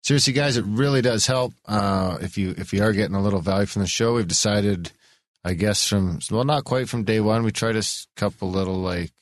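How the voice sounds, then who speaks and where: Deep rambling podcast guy, swears a lot, dry close mic. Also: a little fast, no echo. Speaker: podcast host. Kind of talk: casual podcast chat.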